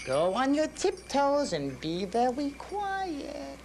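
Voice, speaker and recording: A man voicing Benji the bunny, who quietly encourages the boy. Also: sits high, huge pitch swings, slow, vocal fry, noisy background, voice pushed up, exaggerated voice. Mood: hushed. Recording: reading with instruments playing.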